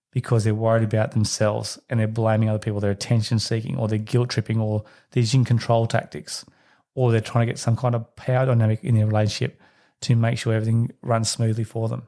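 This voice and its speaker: A man's voice: little pitch movement, brisk, gravelly, dark tone. A man hosting a solo parenting podcast, talking to listeners in a reflective, conversational way. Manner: acts out quoted voices in a higher pitch. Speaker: podcast host.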